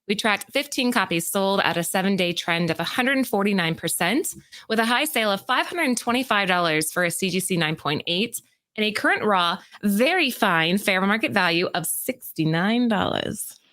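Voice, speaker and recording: Female podcast co-host, slightly low voice, steady reading of sales segments. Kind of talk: reading prepared segments and casual chat.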